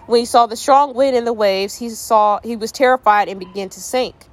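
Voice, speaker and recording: A woman's voice: on the high side, normal speed. A woman leading a casual Bible study, reading scripture with playful joking asides and then turning earnest and reflective. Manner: reflective, earnest when applying the passage.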